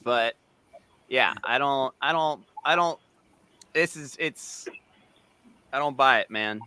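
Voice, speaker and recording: A man in a heated live podcast debate, blunt and forceful, often restarting his sentences as he argues. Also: medium pitch, takes it slowly, smooth, no room sound. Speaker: open podcast participant.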